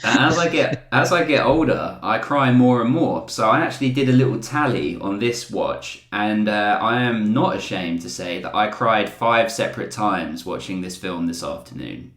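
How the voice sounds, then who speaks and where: A chatty British man hosts with a self-deprecating, easy laugh. His voice sits a little low. A roomy echo hangs on every word. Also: lively intonation, normal speed, hardly any pauses, fairly bright tone. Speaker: podcast host. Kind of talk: casual chat.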